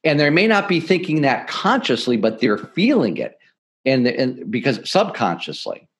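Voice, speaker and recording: A middle-aged man, a podcast guest, explaining sales techniques in an energetic, emphatic coaching manner. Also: mid-range voice, moderate pace. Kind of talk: podcast interview, teaching sales tips.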